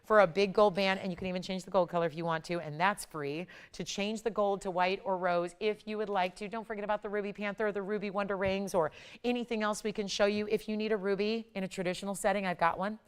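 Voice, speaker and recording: Smooth-voiced woman hosting a jewelry sales show. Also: medium pitch, steady tone, quick pace. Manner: upbeat, pushy salesy patter. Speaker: shopping channel jewelry host. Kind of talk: live TV sales pitch.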